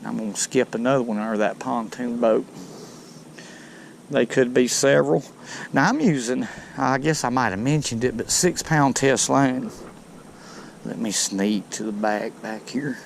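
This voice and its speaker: Folksy slow-talking fisherman. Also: mid-range voice, creaky, a little hiss or hum. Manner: folksy and chatty, talks to fish. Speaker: fishing video host. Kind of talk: casual outdoor fishing commentary. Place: on a boat outdoors by docks.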